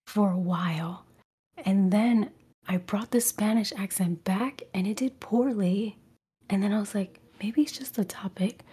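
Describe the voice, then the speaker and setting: Soft whispering New York woman. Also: mid-range voice, slightly rough. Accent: neutralized New York. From Brooklyn, New York. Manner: soft whispered chat with frequent laughs. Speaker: guest ASMR creator. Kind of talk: whispered role-play.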